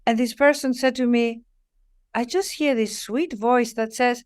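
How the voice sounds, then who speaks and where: A woman talks as a guest author on a spiritual show. Her voice sits slightly high, and she stretches key words for emphasis. She often stops to act out small quoted conversations. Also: measured pace. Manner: expressive, lingers on key words, acts out little dialogues. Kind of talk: warm spiritual interview talk.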